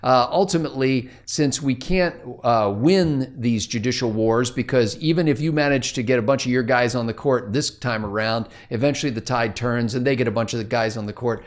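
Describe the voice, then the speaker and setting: A man's voice: medium pitch, brisk, hardly any pauses. A man co-hosting a casual planning meeting, telling stories in a wry, rambling way. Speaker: co-host.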